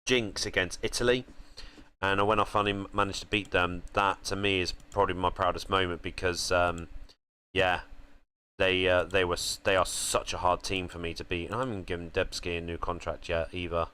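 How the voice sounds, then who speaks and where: A young man hosting a gaming channel, chatting casually as he plays and thinking aloud, with sudden excited outbursts. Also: deep voice, brisk, smooth. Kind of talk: casual gameplay commentary.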